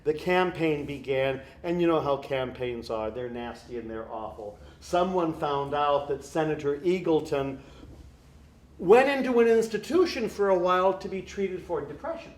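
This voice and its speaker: A man's voice: a little high, expressive, normal speed. A man, a priest giving an evening talk to a live audience, speaking in a wry, joking way with mock dialogue. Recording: echoey room.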